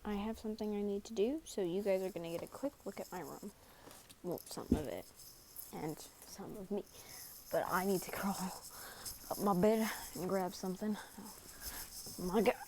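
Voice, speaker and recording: A woman's voice: medium pitch, moderate pace, noisy background. A young woman in her bedroom casually reading a second-person fan story, with chatty, self-deprecating asides. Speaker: fan fiction narrator.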